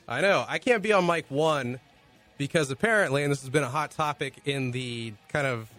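A man's voice: mid-range voice, normal speed, pushed and bright, soft background music. Sick male podcast host, joking around. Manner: joking, rambling. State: sick, coughing. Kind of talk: casual chat. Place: small studio. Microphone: studio mic.

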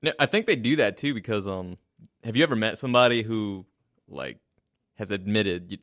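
Low-voiced guy cracking dry jokes, bright tone, dead dry mic. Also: lively intonation, normal speed, dry recording. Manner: wry, laid-back, chimes in with jokes. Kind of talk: casual conversational chat.

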